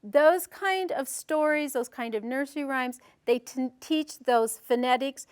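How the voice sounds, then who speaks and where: A woman with a high, clean-toned voice presents a parenting workshop about nursery rhymes, speaking at a measured pace to a small group. She reads the rhymes in a playful, sing-song way.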